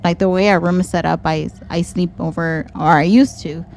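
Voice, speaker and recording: A young woman with a Texan accent, co-hosting a podcast and telling a story in casual chat, animated, swearing freely and slipping into Spanish phrases. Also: on the low side, fairly quick, slight background noise. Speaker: podcast co-host.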